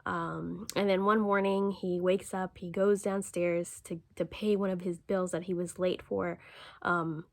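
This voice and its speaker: Gravelly-voiced woman rambling about a manga. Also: on the low side, level tone, measured pace. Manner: rambling, swears casually, many ums; acts out the character's lines in quotes. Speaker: manga reviewer. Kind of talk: casual spoken review.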